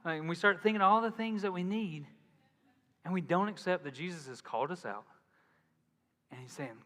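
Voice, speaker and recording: A man's voice: high-pitched, fairly quick, pauses often, fairly bright tone. A male pastor preaching a sermon in a conversational way, acting out the voices he quotes. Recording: long reverb in a large hall.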